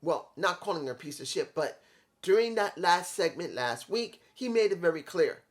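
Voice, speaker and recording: Reviewing a wrestling event by himself on video, this man delivers emphatic, opinionated rants, circling back to the same points in short, sharp lines. His voice sits high and is expressive, at a normal pace.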